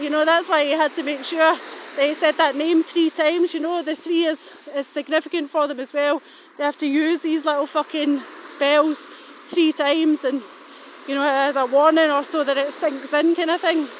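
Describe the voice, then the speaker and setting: A woman's voice: high voice, little pitch movement, normal speed, a little hiss or hum. A middle-aged woman, rambling suspiciously and swearing casually while she talks walking outdoors. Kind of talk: rambling walking vlog monologue.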